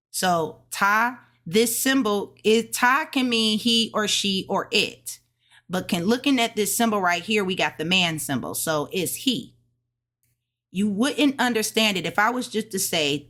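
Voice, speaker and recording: A woman casually explaining her study notes, sounding out words slowly and correcting herself. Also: mid-range voice, lively intonation, fairly bright tone. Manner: thinks aloud, self-correcting, sounds out tones slowly. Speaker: language learner sharing study notes. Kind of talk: casual study vlog lesson.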